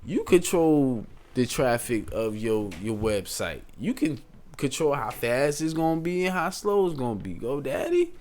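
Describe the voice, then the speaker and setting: A man talks through a tech tutorial in a loose, chatty way, drifting off topic before he comes back to it. His voice sits at an ordinary pitch, and his speech carries features. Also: sing-song, a little slow, a little mellow, a little hiss or hum. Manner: chatty, rambling, digressive. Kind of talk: casual screen-share tutorial.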